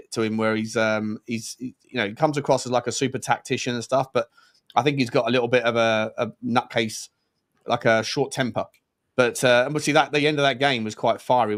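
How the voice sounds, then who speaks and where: A man co-hosting a casual live football chat stream, talking in a rambling, chatty way with plenty of fillers. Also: mid-range voice. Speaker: co-host.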